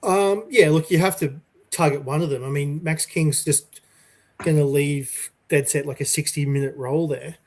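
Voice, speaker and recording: A man's voice: fairly high pitch, moderate pace, a little mellow. A man co-hosting a sports podcast, laid-back and hesitant, with plenty of fillers. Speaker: podcast co-host. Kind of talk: casual sports podcast chat.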